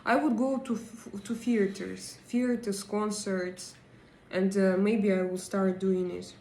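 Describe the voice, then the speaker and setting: Slow, hesitant woman in an echoey room. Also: medium pitch, fairly even intonation, darkish tone, slight background noise. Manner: hesitant, many pauses and fillers while searching for English words. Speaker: livestream host. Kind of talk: casual live chat, answering viewer comments.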